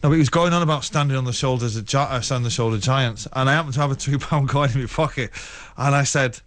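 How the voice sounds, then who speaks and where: A man's voice: mid-range voice, fast talker, a bit bright. A man in his forties, a guest in a radio studio, telling rambling stories in casual chat with frequent restarts and laughs.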